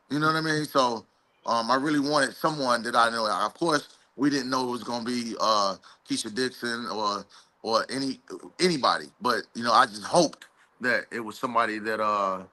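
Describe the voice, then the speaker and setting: A man talks in a very bright, forward tone. He rambles easily through his story, full of fillers and casual cursing, like an organizer chatting live on a show. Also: mid-range voice. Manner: laid-back, rambling with fillers, swears casually. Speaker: event organizer. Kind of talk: casual chat.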